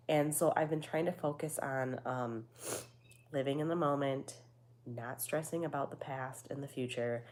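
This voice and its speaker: A woman in her thirties with a nasal voice that is going hoarse, chatting casually with viewers and swearing freely between fillers. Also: very deep voice, a little slow, a little mellow. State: losing her voice. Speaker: vlogger. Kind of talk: casual chat to a live audience.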